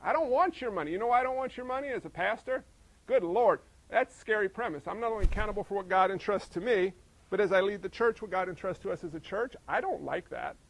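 A male pastor preaching a sermon, full of rhetorical questions and swinging between emphatic and hushed delivery. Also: high voice, expressive, quick pace, creaky, low-quality recording.

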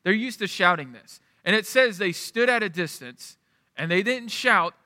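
A man's voice: sits high, animated, moderate pace, sharp tone, studio quality. A middle-aged man preaching a sermon as pastor in a church, in a conversational way that keeps checking in with the congregation. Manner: conversational, asks the room "right?". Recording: long hall reverb.

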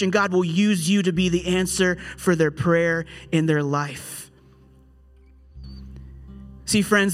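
A young adult man preaching a sermon in a conversational, storytelling way, with animated asides. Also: fairly high pitch. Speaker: pastor.

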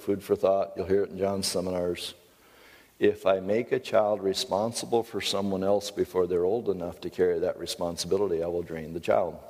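A man's voice: low voice, a little mellow, big-room sound. A middle-aged man teaching at a Christian seminar, speaking emphatically and earnestly, with self-deprecating asides.

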